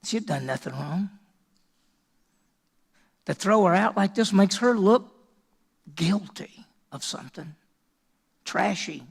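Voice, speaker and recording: A male pastor preaching with emphasis, firing rhetorical questions at his listeners. His voice sits high for a man and has a gravelly texture. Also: unhurried, long pauses. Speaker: senior pastor. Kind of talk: sermon.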